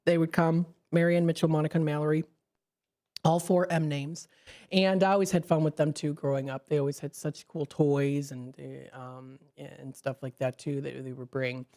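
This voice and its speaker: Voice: medium pitch, little pitch movement, normal speed, a little mellow. A local radio host talks on a live call-in show. The delivery rambles and restarts, full of fillers, and is picked up close on a studio microphone.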